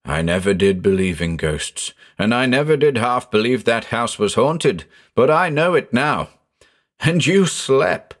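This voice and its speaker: A man voicing an excitable, superstitious middle-aged farmer with a folksy rural American drawl. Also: mid-range voice, unhurried. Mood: awed.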